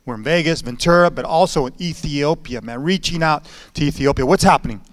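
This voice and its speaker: A man's voice: on the high side, a little fast, no echo. A man hosting at church, chatting casually and restarting his words often. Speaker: pastor hosting.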